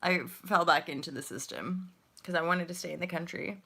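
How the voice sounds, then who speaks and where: Woman in her forties, livestream host; bright, chatty, slangy, laughs easily. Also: on the low side, fairly quick, gravelly, breathy edge. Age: 40s. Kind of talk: casual livestream chat.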